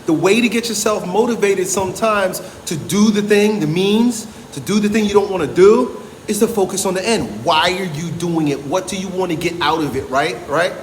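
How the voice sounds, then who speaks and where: A man's voice: high-pitched, normal speed, in a large hall, slight background noise. A man coaching strength trainees in a casual motivational talk, blunt and emphatic, who swears freely and keeps checking in with "right?".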